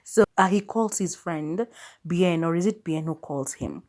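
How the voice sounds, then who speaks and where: A young woman with a Kenyan accent hosts a casual podcast review of a film. She talks in a chatty way, retelling scenes and quoting the characters. Her voice sits a little low. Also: measured pace, a little mellow. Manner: chatty, retells scenes with quoted lines and laughs. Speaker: podcast host.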